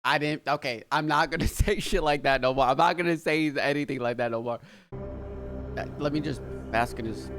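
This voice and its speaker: An American man hosting a reaction video, casually chatting in an excitable, rambling way with plenty of swearing. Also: a little high, fairly quick, music in the background. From United States.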